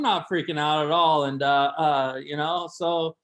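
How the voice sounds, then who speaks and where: A man doing absurd, deadpan stand-up from home over a video call, rambling with lots of fillers and restarts. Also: fairly high pitch, unhurried, hardly any pauses. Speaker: stand-up comedian.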